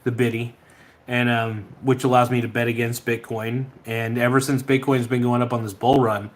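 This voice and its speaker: Brief: casual male podcast host, mid-pitched, loose and rambling, swears freely. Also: little pitch movement, normal speed. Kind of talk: casual chat reading viewer comments.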